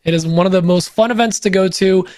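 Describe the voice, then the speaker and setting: A man's voice: high-pitched, fast, a little mellow, no echo, clean studio sound. Upbeat, joking man reading sponsors. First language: Polish. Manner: upbeat, joking, loose with fillers. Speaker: podcast co-host reading sponsor spots. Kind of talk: casual ad read on a podcast.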